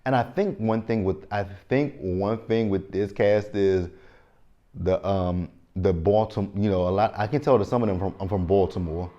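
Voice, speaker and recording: Southern US man, 30s, deep voice, chatty slangy recap, dull lo-fi audio. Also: normal speed, warm tone. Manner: chatty, rambling, informal with slang. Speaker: TV show recap vlogger. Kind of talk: casual show review.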